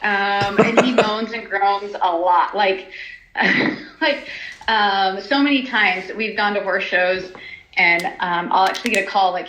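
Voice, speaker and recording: A woman's voice: medium pitch, fairly even intonation, unhurried, fairly bright tone. A woman, a horse trainer talking in a casual interview, chatty, laughing often, with many ums and restarts. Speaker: horse trainer and stallion owner. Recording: roomy, slightly dull sound.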